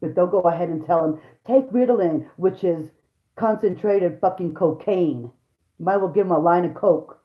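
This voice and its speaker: A woman's voice: on the low side, normal speed. A woman rants to her viewers in a heated, foul-mouthed stream, repeating her points for emphasis. Her voice carries a roomy echo. The sound is dull and lo-fi. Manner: heated, profane, repetitive, talks straight to viewers. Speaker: vlogger, mother. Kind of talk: angry profane rant to camera.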